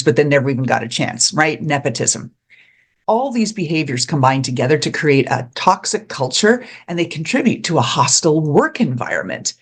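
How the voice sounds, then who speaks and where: A host giving advice straight to the audience in an animated way, acting out the people they quote. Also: medium pitch, slightly rough. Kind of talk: advice talk to camera.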